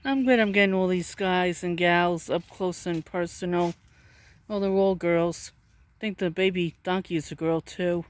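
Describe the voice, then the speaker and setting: A woman's voice: lowish voice, steady tone, moderate pace, no echo. A woman vlogging outdoors in a pasture, chatting to cows and donkeys in a coaxing, baby-talk way while filming on a handheld camera. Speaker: vlogger filming farm animals.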